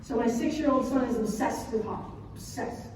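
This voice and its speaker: A woman in her thirties, an educator, giving a chatty, animated conference talk and often checking in with the audience. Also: a little high, moderate pace, a little hiss or hum. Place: large hall at an educators' conference. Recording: echoey hall from far off.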